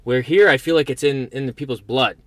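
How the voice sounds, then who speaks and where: Bright-voiced Canadian man. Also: medium pitch, a little fast, no room sound. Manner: stammering restarts, easygoing. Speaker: guest, host's brother. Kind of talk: casual conversation.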